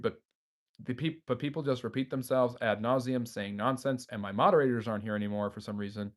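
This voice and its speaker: A man hosting a history live stream, reading viewers' chat messages aloud and answering them off the cuff with frequent fillers. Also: medium pitch. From United States.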